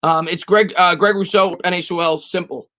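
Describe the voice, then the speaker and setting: A man's voice: high voice, fairly even intonation, fairly quick, pushed and bright. A man hosting a live sports stream, chatting casually and answering viewers' comments. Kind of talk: live-stream chat reading.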